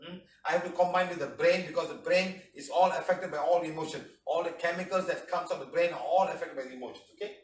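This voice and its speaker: A man's voice: a little high, fairly even intonation, fast talker, hardly any pauses. A man with giving a spiritual healing lecture, chatty, often acting out quoted voices and asking rhetorical questions. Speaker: healing teacher. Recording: echoey room, mic at a distance.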